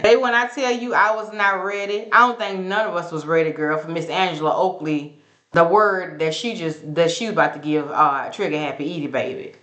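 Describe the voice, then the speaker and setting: Woman host, fairly low voice, gossipy recap delivery, animated quoted lines. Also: a little fast. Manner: chatty, sassy, says "baby" and "girl" a lot; acts out quotes with sudden high pitch jumps. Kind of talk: casual reality TV recap.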